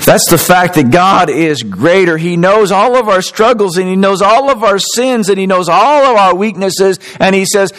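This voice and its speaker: Preacher guy, high voice bouncing all over, slows way down to hammer his points. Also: low-quality recording. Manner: animated preaching, emphatic and slowed on key phrases. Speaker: pastor. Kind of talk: sermon.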